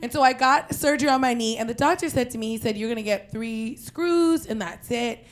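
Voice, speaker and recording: Woman, young, from Queens, fairly high pitch, animated, profane, shouted quotes. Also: brisk. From Queens, New York. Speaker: storyteller. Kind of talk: personal storytelling monologue.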